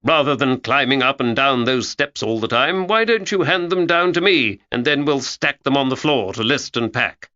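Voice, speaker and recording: A man voicing Leo, a calm and steady man who gives firm, commanding instructions. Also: mid-range voice, moderate pace, hardly any pauses, dull audio, pitched above the performer's own voice.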